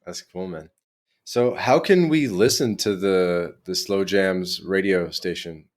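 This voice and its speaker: A man's voice: low-pitched, slow pace. A man hosting a podcast interview, offering short, easygoing questions and reactions. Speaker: podcast host.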